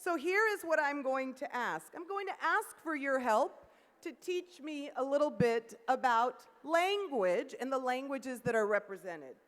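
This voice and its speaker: A woman giving an interactive keynote at a conference, upbeat and coaxing the audience to call out greetings. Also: high-pitched. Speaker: keynote speaker. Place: large conference hall. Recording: long hall reverb.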